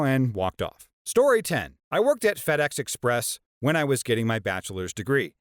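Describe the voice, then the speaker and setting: A man's voice: medium pitch, no echo, clean studio sound. A man reading out internet stories as a channel narrator, with playful dramatic emphasis and sarcastic asides.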